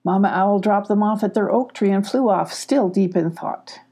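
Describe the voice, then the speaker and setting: An older woman reads a children's storybook in a gentle, grandmotherly way. Her voice is mellow and warm, with a husky edge. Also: medium pitch, normal speed. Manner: gentle, doing character voices.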